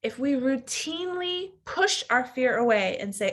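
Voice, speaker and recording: A woman's voice: high-pitched, lively intonation, measured pace. A woman in her thirties, a coach giving an earnest, reflective teaching talk and sometimes acting out the inner voice of fear.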